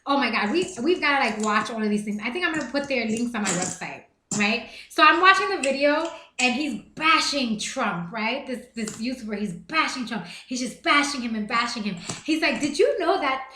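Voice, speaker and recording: A woman live-streaming from an echoey room, her voice high and swinging widely up and down. She speaks with bright, sharp emphasis and keeps repeating words to hammer home a point. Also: expressive, moderate pace, a little hiss or hum. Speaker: livestream host. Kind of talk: casual live-stream chat.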